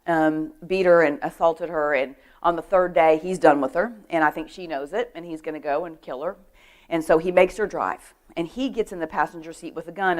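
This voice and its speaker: A middle-aged woman giving an animated talk on personal safety to a women's church group, telling stories, acting out quotes and asking the audience questions. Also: fairly low pitch. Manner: lively storytelling, acts out quotes, asks the audience questions. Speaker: guest speaker on personal safety.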